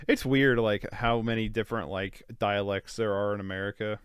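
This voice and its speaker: A man's voice: fairly low pitch, fairly even intonation, normal speed, hardly any pauses, a bit bright, clean tone, no echo, studio quality. A sleepy young man with a stuffed-up nose, rambling casually through a movie watch-along and saying "like" a lot. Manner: rambling, filler-heavy, says "like" often. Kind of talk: casual movie reaction commentary.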